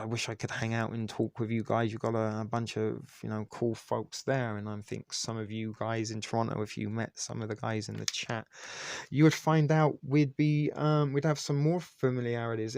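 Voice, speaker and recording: A man hosting a casual live stream, talking in a loose, rambling way full of ums and restarts. His voice sits low with a gravelly edge, and the sound is dry and close to the mic. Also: dry recording. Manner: rambling, many fillers and restarts. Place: Toronto.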